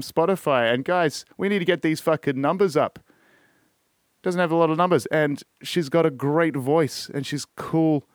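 An Australian man hosts a casual solo podcast, rambling, swearing constantly and trailing off into shrugging asides. His voice is on the high side with a clear, resonant tone, captured in clean studio sound with no echo.

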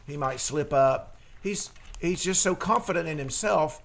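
A man's voice: a little high, unhurried, a bit bright. A man co-hosting a Bible discussion, talking reflectively and often ending points with questions. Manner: reflective, asks tag questions. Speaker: co-host.

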